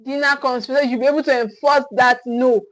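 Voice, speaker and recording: A woman's voice: high-pitched, fairly even intonation, fairly quick, no echo, rough recording. A woman parenting coach giving a livestream teaching talk, repeating her key phrases with emphasis and often checking in with "okay?". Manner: frequent restarts and checking "okay?".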